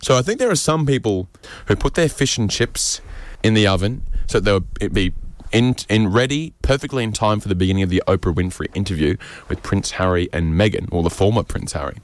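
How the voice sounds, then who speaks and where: A man doing a rambling comedic monologue, animated and jumping into mocking voices. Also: lowish voice, fairly quick, no echo. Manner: rambling, with fillers and restarts.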